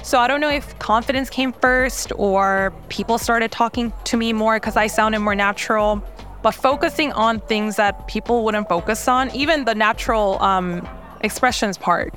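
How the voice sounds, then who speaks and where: A woman's voice: on the high side, moderate pace, fairly bright tone, faint music behind. Korean-born woman chatting in an interview. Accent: light Korean. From South Korea. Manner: chatty, many fillers, laughs often. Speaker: startup founder, interview guest. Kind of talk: casual interview talk.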